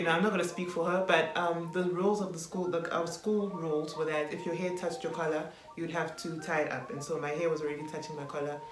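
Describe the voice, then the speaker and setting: A woman from South Africa, a vlogger telling a story from her school days in a lively way and laughing often. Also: lowish voice, echoey room. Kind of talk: casual chat.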